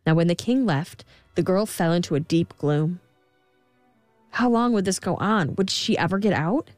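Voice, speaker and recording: Gentle woman telling a storybook tale. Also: fairly low pitch, moderate pace, soft background music. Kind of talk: storybook narration.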